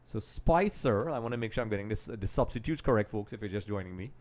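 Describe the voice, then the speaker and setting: A man hosting a live football watch-along, chatting straight to viewers and often dropping into quiet mutters while he multitasks. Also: fairly low pitch, animated, quick pace. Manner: distracted, multitasking while commenting; trails off into quiet mutters and restarts. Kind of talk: casual live match commentary.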